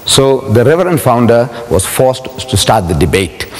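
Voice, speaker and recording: A man's voice: mid-range voice, sing-song, normal speed. An older man from South Africa giving a public religious lecture, telling stories animatedly, acting out dialogue and repeating lines for emphasis. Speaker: Islamic lecturer. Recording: reverberant lecture hall recording.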